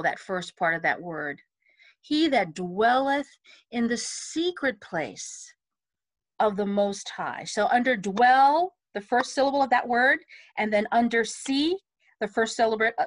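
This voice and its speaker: Vocal coach, woman, fairly high voice, patient and instructive, dry video-call audio. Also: no echo, rough recording. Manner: patient, instructive, speaks sung lyrics in a measured way. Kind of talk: music lesson, talking through song phrasing. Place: home setup on a video call.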